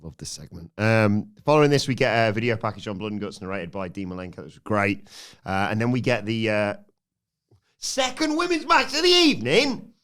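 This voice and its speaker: A man co-hosting a podcast, briskly recounting a wrestling match blow by blow with frequent fillers. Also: lowish voice, clean tone. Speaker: podcast co-host.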